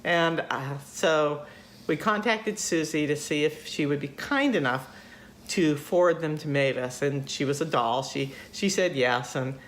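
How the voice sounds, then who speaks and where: An older woman hosts a casual chat in a low voice, speaking a little slowly over slight background noise. She's talkative, laughs often and acts out voices in her stories.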